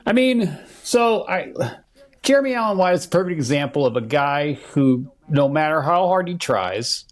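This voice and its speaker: A man's voice: fairly high pitch, animated, normal speed. A man co-hosting a movie podcast, talking casually and bluntly, with strong opinions. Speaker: podcast co-host.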